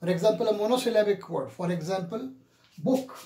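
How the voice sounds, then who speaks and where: A man teaching an English pronunciation lesson in a deliberate way, repeating each example word several times. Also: sits high, animated, dark tone. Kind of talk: classroom lecture on pronunciation. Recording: echoey room.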